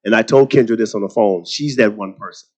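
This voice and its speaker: A man from Texas with a Southern accent, a guest on a luncheon panel, telling animated stories and often restarting his sentences. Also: lowish voice, fairly quick, slightly rough. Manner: animated storytelling, repeats words when starting sentences. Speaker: guest speaker.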